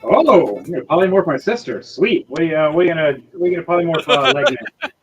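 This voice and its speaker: A man runs a tabletop game with a casual, crude delivery full of fillers and restarts. His voice sits a little high. Faint music plays under him. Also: big pitch swings, very fast, a little mellow, slightly rough, dull audio. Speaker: game master. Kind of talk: narrating a tabletop game over a stream.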